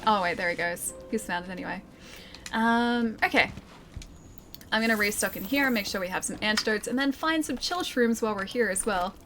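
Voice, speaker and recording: A woman's voice: medium pitch, brisk, fairly bright tone, a little hiss or hum. A young Australian woman chatting casually while streaming a game, reading chat aloud and laughing often. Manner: chatty, giggly, reads chat aloud and answers.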